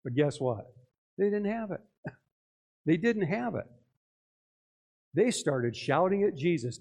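An older man preaching with a lively, swinging delivery and a slightly higher voice than most. He acts out little scenes and keeps tossing questions to the congregation. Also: takes it slowly, gravelly, pauses often. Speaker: pastor. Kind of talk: sermon.

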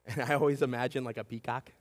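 A man's voice: medium pitch, quick pace. A man in his thirties preaching a sermon, telling stories with lots of energy and often asking "right?" to the congregation. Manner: animated storytelling, acts out shouting and whispering, keeps asking "right?". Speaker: pastor. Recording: long hall reverb.

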